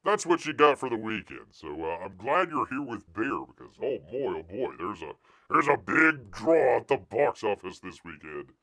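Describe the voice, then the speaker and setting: A man hosts a casual live news stream, reading articles aloud and breaking in with sarcastic jabs. His pitch leaps and drops often, and he keeps slipping into mocking voices for the people he talks about. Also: big pitch swings, moderate pace, sharp tone. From United States.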